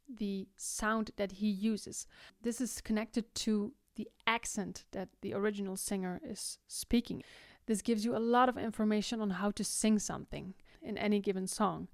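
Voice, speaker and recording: In a vocal tutorial with sung examples, a young Dutch woman, a singing teacher with a Limburg accent, breaks down technique and keeps asking "right?". Her mid-range voice moves at a moderate pace, and the studio-quality recording is dry.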